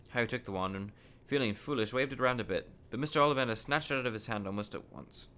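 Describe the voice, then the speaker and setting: A man reading a children's novel aloud from a living room, steady and unhurried with the odd stumble. His pitch sits mid-range, and a faint hiss of background noise runs underneath. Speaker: podcast host reading aloud.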